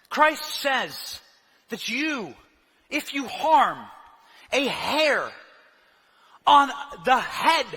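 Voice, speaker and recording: A young man giving a live speech in a large hall, shouting in punchy bursts and at times dropping into quiet, earnest talk. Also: extremely high pitch. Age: young adult. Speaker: rally speaker.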